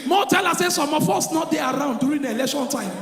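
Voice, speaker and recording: A man with a Nigerian accent doing live stand-up comedy, telling stories loudly and with energy in Pidgin. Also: extremely high pitch, fast talker. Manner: loud, animated storytelling in Pidgin. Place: large venue stage before an audience. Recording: echoey hall with crowd noise.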